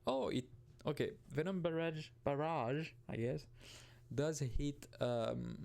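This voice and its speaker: A man's voice: a little high, takes it slowly, creaky, darkish tone. A young man giving rambling, casual gameplay commentary, often restarting and swearing casually. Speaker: gaming video host.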